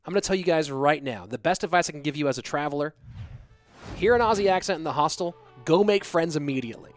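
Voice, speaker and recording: A young man with a slightly high voice casts a game live from his home office, rambling and chatting straight to his viewers. Faint game music plays underneath him. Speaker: esports caster. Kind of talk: solo live-stream commentary and chat reading.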